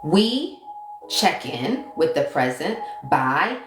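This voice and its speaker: Speaking slowly in a deep voice with big pitch swings, a woman coaches mindset in a casual livestream. She repeats key phrases and responds to viewer comments, while the roomy sound carries background music and noise.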